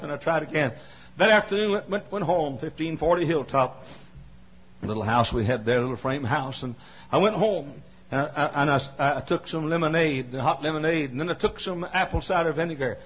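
An older male pastor, telling a personal testimony in a folksy, repetitive sermon style that builds to shouting climaxes. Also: fairly high pitch, breathy edge, highs cut off.

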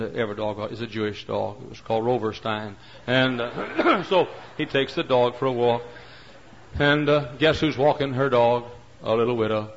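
A man preaching a sermon, telling stories and acting out their characters, his voice rising to shouts. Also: medium pitch. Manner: acts out characters, climbs to shouts. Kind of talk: animated sermon storytelling. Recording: dull lo-fi sermon recording.

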